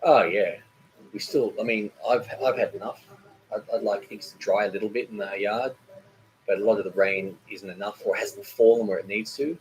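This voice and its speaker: A man's voice: fairly low pitch, moderate pace, low-quality recording. Chatty man hosting a live stream. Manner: rambling and chatty, with many fillers and joking asides. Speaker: cooking channel host. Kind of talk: casual live-stream chat, reading viewer comments.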